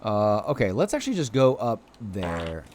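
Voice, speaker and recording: A man streaming a video game live, chatting excitedly to viewers and cheering on his creatures, with sudden high-pitched exclamations. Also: normal speed, slight background noise. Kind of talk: live gameplay commentary.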